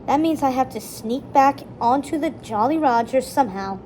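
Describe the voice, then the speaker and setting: An anxious young boy from a storybook, talking earnestly and with a worried edge, as a woman reads his part aloud. The voice sits fairly high and sounds mellow. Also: lively intonation, normal speed, a little hiss or hum, low-quality recording. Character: boy, anxious but determined.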